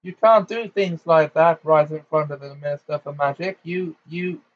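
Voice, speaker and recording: A man doing a panicky blustering minister, high-ish and loud, gasping, from a muffled home mic. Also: normal speed, lightly acted. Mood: flustered. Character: flustered blustering middle-aged male minister.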